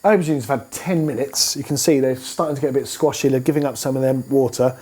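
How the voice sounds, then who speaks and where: This cooking show host speaks quickly in a steady, medium-pitched, slightly mellow voice, keeping things casual and playful while cooking in his home kitchen. The sizzle of a frying pan is clearly audible behind him.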